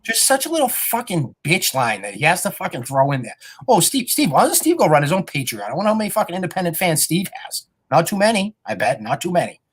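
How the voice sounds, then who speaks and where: Dude co-hosting a podcast, talks fast, pitch jumps all over, swears a lot while teasing. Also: male voice, husky. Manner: quick, animated, profane ribbing. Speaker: podcast co-host. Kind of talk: casual chat.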